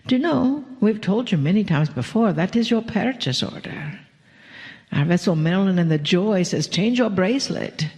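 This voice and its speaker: A woman with a gravelly, creaky voice delivers a channeled spiritual message, speaking as "we." She talks slowly and soothingly, sinks into breathy whispers and chuckles softly. The sound rings with a long reverb from a live hall. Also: mid-range voice, animated. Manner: speaks as a collective "we", slow and soothing, drifts into whispers, chuckles often. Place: live venue with an audience.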